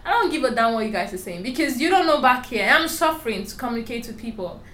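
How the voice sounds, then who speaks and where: A woman's voice: fairly high pitch, lively intonation, fast talker, a bit bright, slight background noise. A young woman with a strong foreign accent, telling her story candidly and emphatically in an interview. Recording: roomy echo with faint ambience.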